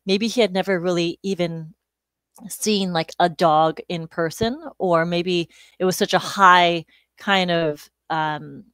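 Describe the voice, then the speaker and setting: A woman in her forties, a speech-language pathologist guest, explaining calmly and informatively. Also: on the low side, takes it slowly, clear, resonant tone, no room sound. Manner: calm, informative, with "you know" fillers. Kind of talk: explanatory interview talk.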